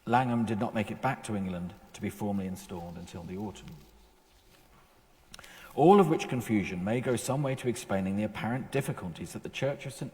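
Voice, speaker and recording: Man, formal history lecture, measured, precise, dry asides, long church reverb. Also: lowish voice, a little mellow. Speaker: historian giving a public lecture. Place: large church interior.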